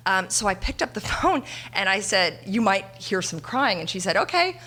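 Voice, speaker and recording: A woman in her thirties, an author guest, chatting at a bookstore event and telling stories in a relaxed, anecdotal way. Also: medium pitch, normal speed, slightly rough. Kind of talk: casual onstage conversation. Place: bookstore event before an audience.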